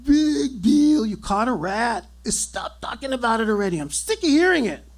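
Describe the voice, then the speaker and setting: A man voicing his hysterical, screaming Latina wife in a live stage story, shrill and frantic. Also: very animated, normal speed, full character voice. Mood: fed-up. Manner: shrieking, frantic, pleading.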